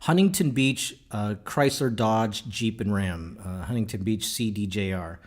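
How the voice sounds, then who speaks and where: A man hosting a podcast, talking in a casual, animated and jokey way with many fillers and restarts. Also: lowish voice, measured pace. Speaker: podcast host.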